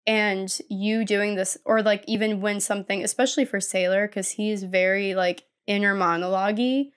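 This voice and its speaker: A woman co-hosting a podcast, talking through her writing in a casual, rambling way. She trails off and restarts often. Her pitch sits in the middle. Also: fairly even intonation, normal speed. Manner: rambling, many fillers and restarts. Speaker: podcast co-host and writer. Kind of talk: casual chat.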